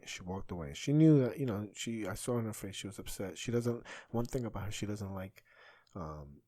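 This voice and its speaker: Deep-voiced husky man rambling candidly. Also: lively intonation, fairly quick, warm tone, dry recording. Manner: rambling, candid, swears freely. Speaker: podcast host. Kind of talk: casual solo podcast monologue.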